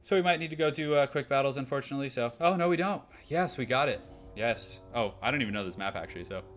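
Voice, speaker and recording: A man's voice: mid-range voice, lively intonation, fast, a bit bright. A young man streaming a multiplayer game, chatting upbeat and rambling in a nasal, put-on Australian accent. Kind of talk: casual live-stream gameplay chat. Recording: game music playing behind. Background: game music.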